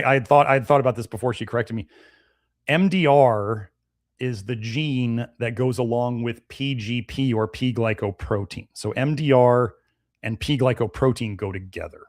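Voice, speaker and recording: A man hosting a nutrition live stream, answering viewer comments in a blunt, conversational and animated way. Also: mid-range voice, no echo, clean studio sound. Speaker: nutrition show host.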